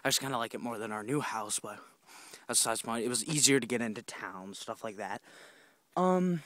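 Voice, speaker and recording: A man's voice: medium pitch, brisk, a bit bright, dry recording. A young man telling rambling stories outdoors while walking, swearing often and acting out what people said. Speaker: vlogger. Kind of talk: casual storytelling on a walk. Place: outdoors on a walk.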